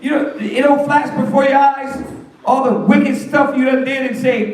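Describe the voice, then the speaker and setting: High-voiced man teaching in an echoey room. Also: moderate pace. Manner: animated, slangy, joking, rhetorical questions. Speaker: Bible class teacher. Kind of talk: lively street-talk preaching. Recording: echoey room, voice far from mic.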